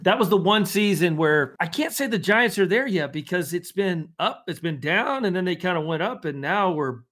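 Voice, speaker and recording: A man, a former football player, talks casually on a sports show with a slightly raised pitch. He rambles through his stories and laughs often. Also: lively intonation, moderate pace, a bit bright.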